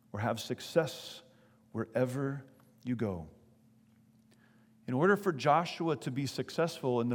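A man preaching a sermon as pastor, earnest, reading scripture aloud slowly and emphatically. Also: medium pitch, a little mellow, big-room sound.

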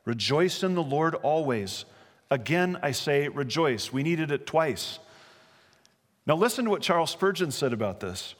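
A man's voice: a little high, very animated, measured pace. A man preaching a sermon as pastor, reading scripture and speaking emphatically with rhetorical questions. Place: church sanctuary. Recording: long reverb of a large hall.

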